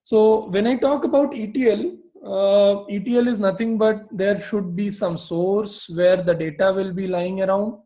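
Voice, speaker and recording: A man teaches a technical class at a slow, deliberate pace. His voice sits high for a man. He explains things patiently and often pauses on "uh" while he sketches on a board. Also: warm tone, rough recording. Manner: explanatory, many fillers and restarts. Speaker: instructor. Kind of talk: recorded technical lecture while drawing.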